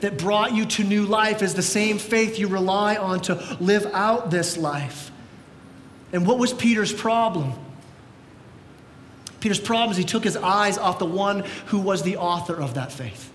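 In a church sanctuary, a high-voiced male pastor preaches a sermon, telling the story in a lively way and acting out voices. The room is echoey with a long hall reverb and a faint rumble in the background.

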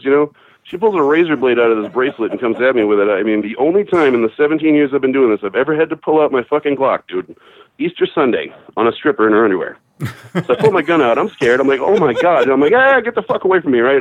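A man's voice: medium pitch, no room sound. Brief: male caller, profane rambling storyteller, tinny phone line, very dry. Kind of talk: casual storytelling.

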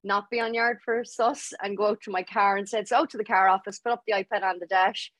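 A young adult Irish woman telling her story as a podcast guest, lively and laughing as she acts out what people said. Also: mid-range voice, fast talker, dry recording. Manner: lively, laughing storyteller acting out quoted voices. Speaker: guest author. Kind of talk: storytelling interview.

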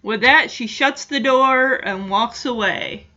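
A woman's voice: fairly high pitch, slow, bright, forceful tone, dull audio. A woman hosting a podcast, chatting casually through a recap with many "you know" fillers. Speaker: podcast host.

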